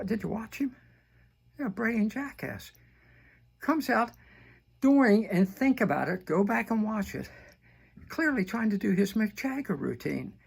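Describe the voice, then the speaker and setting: A man's voice: sits high, gravelly, slightly rough. An older man giving a scornful, mocking political rant, often repeating himself as he heats up. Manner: scornful, mocking, repeats words when heated. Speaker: political commentator.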